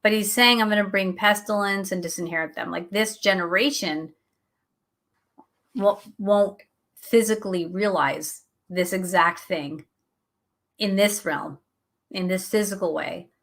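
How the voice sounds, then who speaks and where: A middle-aged woman hosting a show, teaching a Bible study in a conversational, animated way and laughing at herself now and then. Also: mid-range voice, a little slow. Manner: animated, chatty, acts out quotes, laughs at herself.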